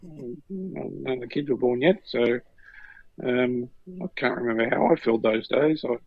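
A man's voice: mid-range voice, normal speed, no room sound. A man in his fifties with an Australian accent, telling stories in a casual chat and acting out the voices. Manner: animated anecdotes, acting out voices. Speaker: podcast co-host, former paramedic. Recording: dull lo-fi dry sound.

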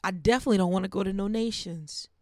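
A woman hosting a faith podcast, preaching earnestly and dropping to a hush for emphasis. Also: mid-range voice, quick pace, no room sound, studio quality. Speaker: podcast host. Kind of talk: faith-based podcast monologue.

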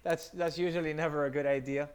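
A man's voice: fairly high pitch, steady tone, fast talker, clean tone. A firefighter man speaking as a guest in a casual podcast interview, blunt and emphatic with casual slang.

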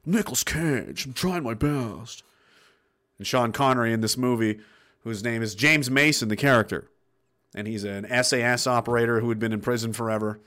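A man's voice: medium pitch, steady tone, fairly quick, bright, forceful tone, smooth. A man hosting a livestream, reading out chat comments and giving blunt, profane, rambling motivational talk. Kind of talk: casual motivational rant.

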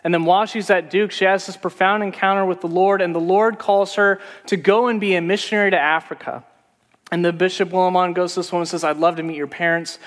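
A man's voice: high voice, fairly even intonation, fast, a bit bright, long reverb tail. A man preaching a sermon as pastor, telling stories in a conversational way.

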